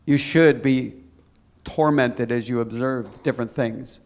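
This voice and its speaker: A male preacher delivers a sermon in an everyday mid-range voice. He urges his listeners again and again, repeating key phrases. He swells into forceful emphasis at his strongest points. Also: mid-range voice, measured pace. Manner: emphatic, repetitive exhortation with rising intensity.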